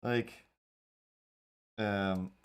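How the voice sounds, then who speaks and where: Man, low voice, casual livestream chat, rambling, lots of fillers, desk mic. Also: steady tone, drawn-out words, clear, resonant tone. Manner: rambling, with many fillers and restarts. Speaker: webcomic artist streaming. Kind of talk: casual storytelling while drawing.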